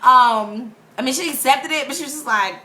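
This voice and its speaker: A young woman vlogging casually, telling a personal story in an animated way, laughing often and acting out what people said. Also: high-pitched, moderate pace, slight background noise.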